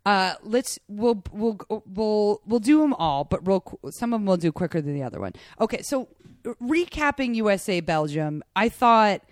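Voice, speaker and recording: A woman from the United States co-hosting a casual sports chat, animated and chatty, often restarting her sentences. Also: medium pitch, normal speed, no echo, clean studio sound. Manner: chatty, animated, self-interrupting. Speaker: podcast co-host.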